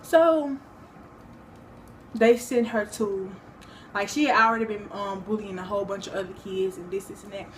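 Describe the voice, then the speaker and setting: A woman's voice: medium pitch, normal speed, long pauses, a little hiss or hum. A young woman talking casually to her own vlog, rambling with many fillers and restarts. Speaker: vlogger. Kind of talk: casual personal vlog talk.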